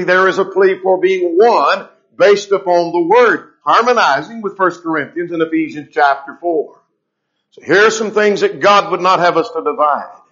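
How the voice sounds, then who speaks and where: A man delivers a sermon with a fairly high voice, leaning hard on key phrases and drawing them out slowly. He poses questions to his listeners and answers them himself. The recording sounds dull and lo-fi. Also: a bit bright. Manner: emphatic, slows down to stress scripture. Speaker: preacher.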